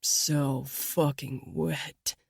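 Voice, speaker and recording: A woman voicing a dominant, controlled young mafia man who murmurs and growls low. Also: little pitch movement, drawn-out words, gravelly, husky, dry recording, studio quality, exaggerated voice. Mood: commanding growl. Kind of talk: audiobook character voice.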